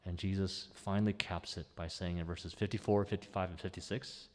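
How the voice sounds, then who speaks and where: A man preaching a sermon as pastor, in a conversational, animated way. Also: sits low, a little fast, few pauses, big-room sound. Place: church sanctuary.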